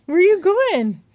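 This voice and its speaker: A woman talks to her baby in very high, sing-song baby talk, drawing her words out slowly. She coaxes and teases with frequent laughter. The sound comes from a handheld camcorder at home. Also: dark tone. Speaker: mother.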